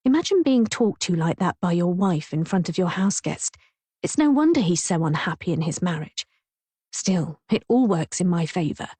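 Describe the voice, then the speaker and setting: A woman's voice: fairly low pitch, very animated, normal speed, mellow, slightly rough, no echo. Wry woman narrating an audiobook. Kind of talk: first-person audiobook narration.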